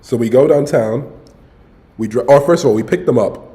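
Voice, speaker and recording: A man's voice: medium pitch, normal speed, dark tone. A young man streaming, telling a story in a loose, slangy way with lots of swearing. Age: young adult. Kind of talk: casual storytelling livestream.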